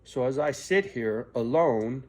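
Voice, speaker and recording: Middle-aged male vlogger, profane and confiding, mid-pitched, rambling storyteller. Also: animated, unhurried, darkish tone. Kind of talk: personal storytelling vlog.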